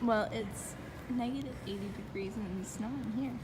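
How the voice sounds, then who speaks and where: A woman in her twenties, vlogging in a chatty, giggly and excitable way on a handheld phone camera. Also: fairly high pitch, normal speed. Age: 20s. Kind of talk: casual vlog. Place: outdoors in snow and indoors in a college town. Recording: noisy phone recording.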